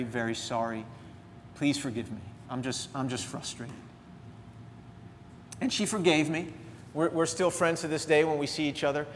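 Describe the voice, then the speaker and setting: A middle-aged man preaching a sermon as a pastor, animated and earnest, dropping into soft, quiet asides. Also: a little high, a little hiss or hum. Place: church sanctuary. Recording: long church hall reverb.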